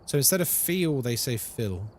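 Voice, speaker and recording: A man streaming live and chatting casually with viewers, animated and swearing freely. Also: fairly high pitch, moderate pace. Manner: animated, swears freely, drops into mock voices.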